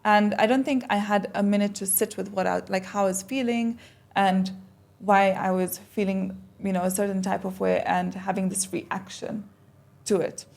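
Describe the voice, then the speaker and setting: A young woman, a podcast guest, telling a personal story in a casual, animated way and acting out the conversations she recalls. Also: medium pitch, moderate pace, vocal fry. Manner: animated, acts out quoted exchanges.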